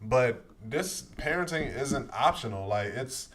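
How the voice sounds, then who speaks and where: A young man co-hosting a casual podcast, talking in a relaxed way and often restarting his sentences. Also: medium pitch, unhurried. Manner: laid-back, repeats himself when he starts a sentence. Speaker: podcast co-host.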